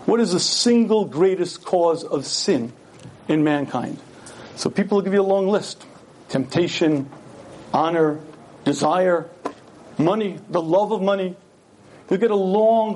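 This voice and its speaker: A man's voice: a little high, darkish tone, slight background noise. A man giving an earnest Torah lecture, telling stories and asking his listeners rhetorical questions.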